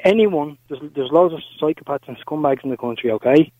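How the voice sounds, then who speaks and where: Caller on a tinny phone line, fast and pushy, lecturing. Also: male voice, fairly high pitch, dry recording. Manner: insistent, lecturing, impatient. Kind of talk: arguing on a radio phone-in.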